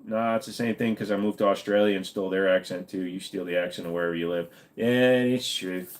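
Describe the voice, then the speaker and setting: A man's voice: deep voice, level tone, fast. A man with a slight Minnesota accent, hosting a casual live Q&A stream, tired and wisecracking, swearing offhandedly. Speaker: livestream host.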